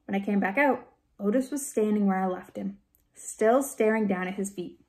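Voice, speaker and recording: A woman reads a children's storybook aloud at a gentle, unhurried pace. Her voice is warm and mellow. She speaks at a middle pitch. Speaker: reader. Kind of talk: first-person storybook narration.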